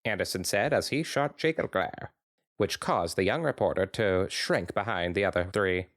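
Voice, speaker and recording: A man's voice: deep voice, normal speed, fairly bright tone, dry recording. A podcast co-host man reading fanfiction aloud with a dry, wry narration.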